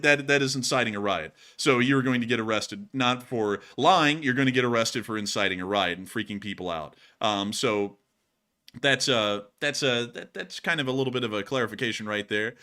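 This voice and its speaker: Bright-voiced rambling male commentator. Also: mid-range voice, fairly quick. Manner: rambling, filler-heavy, animated. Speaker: co-host. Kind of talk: casual political commentary.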